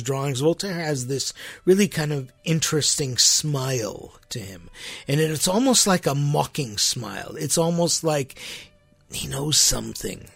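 A man's voice: fairly high pitch, gravelly, slightly rough, dry recording. A man hosting a Christian podcast, teaching on Scripture in a conversational, emphatic way with frequent asides and restarts.

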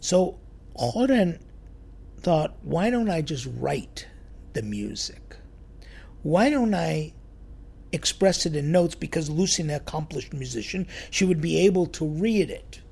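A man telling a church story in a sermon, lively and acting out the quoted voices. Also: on the high side, unhurried, gravelly, breathy edge. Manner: animated storyteller, acts out quotes.

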